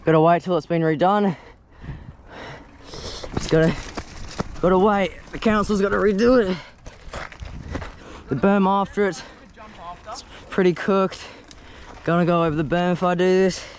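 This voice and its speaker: A man's voice: sits high, fairly even intonation, normal speed, pauses often, a little hiss or hum. A man giving slangy, casual commentary while riding a mountain bike on outdoor trails, swearing loosely as he goes. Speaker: mountain biker vlogger. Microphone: action camera while riding.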